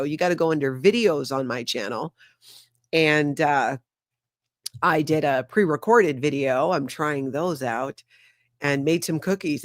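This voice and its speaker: A woman's voice: low voice, a bit bright, no room sound, studio quality. A woman in her fifties from Hawaii, with a light Pidgin accent, hosting a casual livestream and chatting while she greets viewers by name. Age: 50s. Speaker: livestream host. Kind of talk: casual live-stream chat.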